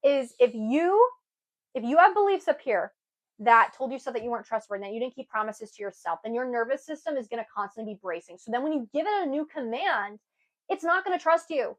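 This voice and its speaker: A young woman giving an earnest, emphatic self-help talk to camera, with sudden lively bursts. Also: fairly high pitch, a little fast, low-quality recording. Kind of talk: casual motivational talk to camera.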